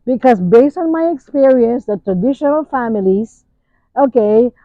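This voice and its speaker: An older woman from the Philippines, hosting and sharing memories in a slow, musing way with many fillers. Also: on the high side, expressive, no echo. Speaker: host. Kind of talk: casual reflective talk. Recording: tinny phone-like sound.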